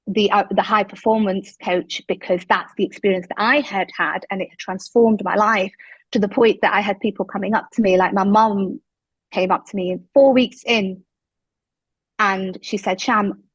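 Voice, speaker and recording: Animated woman telling her story. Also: mid-range voice, husky, no echo, lo-fi sound. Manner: animated, emphatic retelling with quoted dialogue. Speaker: guest. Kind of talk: interview storytelling.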